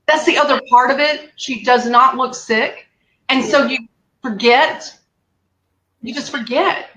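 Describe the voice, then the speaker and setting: A woman, candidly telling a lively story as an interview guest, acting out the lines she quotes. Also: sits high, unhurried. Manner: animated, acts out quotes, laughs often. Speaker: guest caring for her mother. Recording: echoey room.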